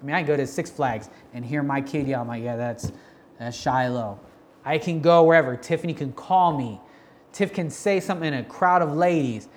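A man's voice: fairly high pitch, fairly quick, darkish tone, a little hiss or hum. A man giving an informal sermon on prophecy, speaking conversationally with many restarts, fillers and slangy asides. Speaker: church teacher on prophecy.

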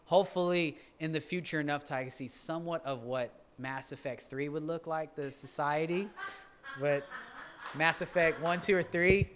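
A man preaching a conversational sermon, his voice a touch high and very bright. He jokes freely and often restarts his sentences mid-thought. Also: moderate pace, slight background noise. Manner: joking, with frequent restarts. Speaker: pastor.

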